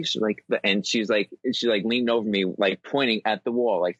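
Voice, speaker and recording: A man's voice: lowish voice, steady tone, fairly quick, hardly any pauses, fairly bright tone, no echo. A man in his thirties co-hosting a casual podcast, telling stories and laughing often. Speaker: podcast co-host. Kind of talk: casual chat. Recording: dull dry lo-fi sound.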